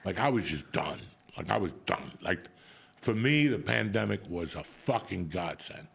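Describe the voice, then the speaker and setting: A man's voice: low voice, lively intonation, moderate pace, creaky, husky. A middle-aged man, a comedian host telling a blunt, profane story in casual chat.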